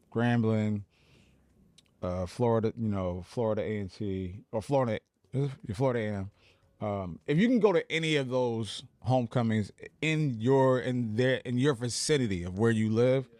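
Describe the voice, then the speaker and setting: A man in his forties from New Jersey, a radio personality telling relaxed stories as a podcast guest, with many fillers. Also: lowish voice, normal speed, no room sound. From Plainfield, New Jersey. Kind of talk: casual podcast interview.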